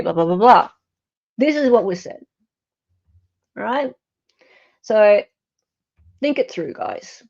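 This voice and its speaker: A woman's voice: mid-range voice, lively intonation, takes it slowly, pauses often, darkish tone, lo-fi sound. A woman with an Australian accent hosts a casual livestream, reading viewer comments with wry, self-correcting asides. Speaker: online commentator.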